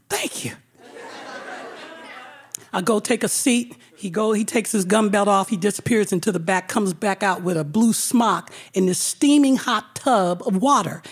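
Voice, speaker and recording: A woman telling a personal story in an animated way, with laughing asides. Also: medium pitch, normal speed, breathy edge.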